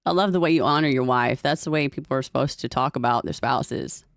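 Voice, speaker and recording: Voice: medium pitch, fast talker, gravelly, a bit bright, no room sound, studio quality. A podcast host asking short, encouraging interview questions. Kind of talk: casual interview.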